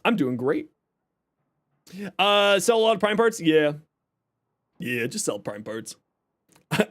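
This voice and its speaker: Chatty streamer man with a lively, high voice. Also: slow, long pauses. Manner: chatty, jokey, reads chat aloud and explains builds. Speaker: game streamer. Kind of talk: casual live stream chat.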